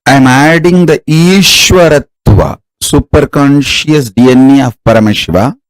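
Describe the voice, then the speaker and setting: A man as a spiritual teacher giving a guided meditation in slow, measured commands. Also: mid-range voice, poor audio.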